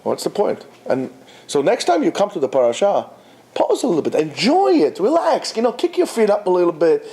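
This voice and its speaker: A high-voiced man preaches to his students in an informal Torah talk. His pitch swoops all over as he urges and scolds, sprinkling in Hebrew words. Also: a little fast. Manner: animated and exhortative, mixing Hebrew terms, swooping pitch. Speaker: rabbi teaching at a yeshiva.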